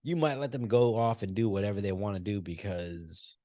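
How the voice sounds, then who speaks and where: Low-voiced man co-hosting a casual podcast. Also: expressive, fairly quick, mellow, no echo, studio quality. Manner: loose and profane, teasing. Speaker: podcast co-host. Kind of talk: casual chat.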